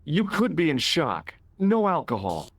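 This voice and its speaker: An actor playing a wry young American tourist with an American accent, dry and wisecracking. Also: male voice, a little high, huge pitch swings, measured pace, husky, dry recording, heavily acted.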